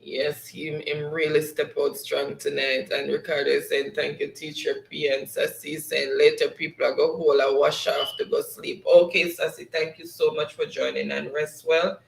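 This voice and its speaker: A man's voice: a little high, little pitch movement, normal speed, creaky, hardly any pauses, roomy sound, poor audio. A Jamaican man hosting a live stream in a casual chat, reading viewer comments aloud and laughing often between them.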